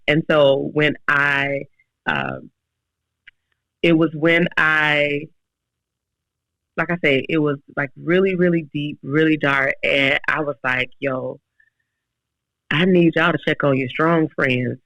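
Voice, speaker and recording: Guest, woman in her 40s: forceful, bright voice, earnest and emotional, dry close sound. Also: deep voice, expressive, slow, long pauses, dry recording, rough recording. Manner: earnest, emotional storytelling with many restarts. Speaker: podcast guest. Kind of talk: casual faith talk.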